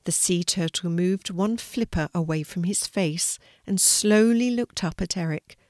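Slow older woman reading a story. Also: on the low side, a little mellow, dry recording, clean studio sound.

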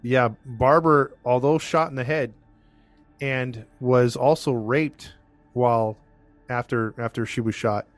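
A man's voice: mid-range voice, steady tone, slow, no echo, faint music behind. A man hosting a podcast, casually telling a true-crime story to his co-hosts, rambling with many fillers. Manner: rambling, filler-heavy, restarts often.

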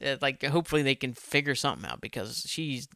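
Profane, rambling man, bright and dry. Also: mid-range voice, lively intonation, fast, creaky, dry recording. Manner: rambling, profane, self-deprecating. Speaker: podcast host. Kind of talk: casual solo podcast chat.

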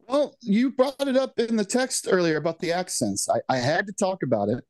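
A man's voice: sits high, expressive, fairly quick, darkish tone, dry recording. A man co-hosting a film podcast, chatting casually in a rambling, wry way with lots of restarts. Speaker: podcast co-host. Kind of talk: casual chat.

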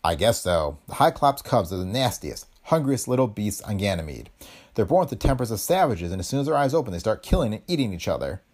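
A man's voice: on the low side, big pitch swings, fast, a little mellow. A man voicing a tough adventurer in an audiobook, clipped and firmly reassuring. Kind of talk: audiobook character voice.

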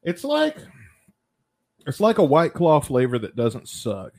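A man hosting a casual chat, laid-back and quick to laugh. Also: fairly high pitch, wildly swooping pitch, darkish tone. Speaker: podcast host.

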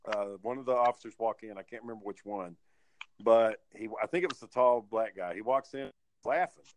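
A man's voice: on the low side, fairly quick, a little hiss or hum, poor audio. A man hosting a podcast, telling rambling, profane stories in casual chat. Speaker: podcast host.

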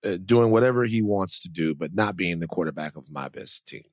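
A man co-hosting a podcast, talking casually in a rambling, animated, self-mocking way. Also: deep voice, brisk, no room sound, studio quality. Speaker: podcast co-host. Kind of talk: casual chat.

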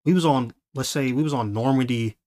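A podcast host from Los Angeles tells a story in a casual, animated style, speaking briskly at medium pitch. He laughs often and performs the voices of the people he quotes.

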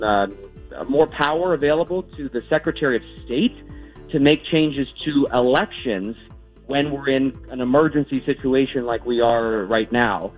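Male news reporter calling in, conversational headlines, tinny phone line, faint music underneath. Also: mid-range voice. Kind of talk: radio news update.

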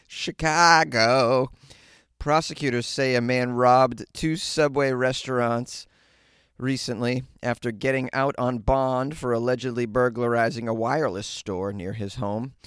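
A man's voice: mid-range voice, fairly even intonation, normal speed, smooth, no echo, clean studio sound. A man hosting a comic news podcast from a closet, wry and mocking as he riffs on stories. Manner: wry, mocking, laughs often. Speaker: comedian podcast host. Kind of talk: casual comic news commentary. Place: small closet.

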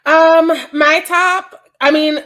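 A woman's voice: very high-pitched, fairly even intonation, takes it slowly, a bit bright. A woman co-hosting a casual podcast, blunt and profane, laughing often. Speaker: podcast co-host.

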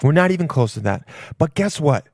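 Rambling, profane young podcast host. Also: male voice, a little high, animated, brisk, a little mellow, dry recording, clean studio sound. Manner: loose, rambling, profane, jokey asides. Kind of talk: casual podcast intro chat.

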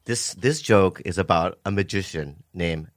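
A man telling jokes in casual podcast chat, rambling and animated with lots of fillers. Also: deep voice, a little slow, dry recording, studio quality.

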